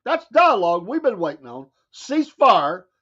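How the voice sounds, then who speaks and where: A man's voice: high voice, very animated, unhurried, a bit bright, highs cut off. A man with a Southern American accent hosting a morning talk show, riffing in a folksy, wry way with mocking asides. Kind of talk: casual talk radio monologue.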